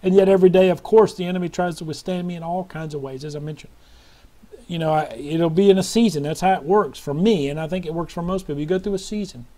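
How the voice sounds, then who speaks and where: This middle-aged man talks fast in a slightly high, warm voice while preaching a sermon. He offers fervent hallelujahs and praise and now and then breaks into song.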